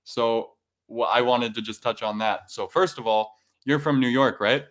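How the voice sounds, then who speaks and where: Joking Canadian guest, mid pitch. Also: male voice, normal speed. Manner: joking, relaxed, uses fillers. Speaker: guest musician. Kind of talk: casual interview chat.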